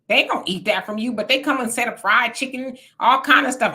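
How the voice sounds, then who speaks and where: A woman's voice: fairly high pitch, fast, bright, forceful tone. A woman hosting a casual livestream, reading viewer comments aloud and reacting to them as she talks straight to her audience. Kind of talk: casual live chat.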